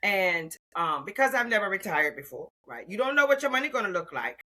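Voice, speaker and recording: A woman in her sixties telling her story as an interview guest, expressive and calling the listener "honey.". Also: medium pitch, fairly quick, low-quality recording. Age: 60s. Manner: expressive, warm endearments like "honey". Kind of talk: animated personal storytelling.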